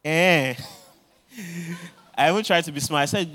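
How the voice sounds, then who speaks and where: A man with a fairly high pitch preaches at a measured pace, pausing often. He animates his sermon's stories by performing the voices of the people involved.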